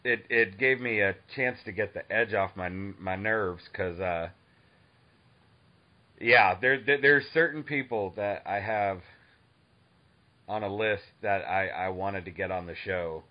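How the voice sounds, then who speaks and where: A man in his thirties from Boston hosting a podcast, talking in an eager, excitable, fan-like way. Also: fairly low pitch, a little slow, lo-fi sound. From Boston, Massachusetts. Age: 30s. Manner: eager, excitable, self-described dork. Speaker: podcast host. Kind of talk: casual interview chat.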